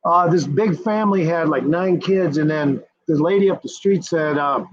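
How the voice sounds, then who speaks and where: Husky, high-voiced man ranting profanely. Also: moderate pace, dull audio. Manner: profane, combative, repetitive. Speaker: streamer. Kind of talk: ranting commentary.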